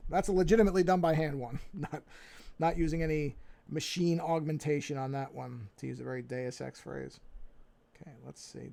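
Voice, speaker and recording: Male streamer, New York accent, dark gravelly voice, talks himself through the work. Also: on the high side. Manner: thinking aloud, muttering and humming to himself. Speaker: digital artist streaming his drawing. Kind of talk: casual live-stream narration while drawing.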